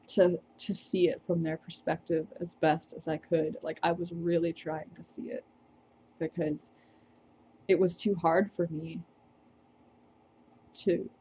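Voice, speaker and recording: A woman's voice: on the low side, darkish tone, lo-fi sound, slight background noise. A woman vlogger telling a personal story to the camera, reflective and hesitant, with small laughs.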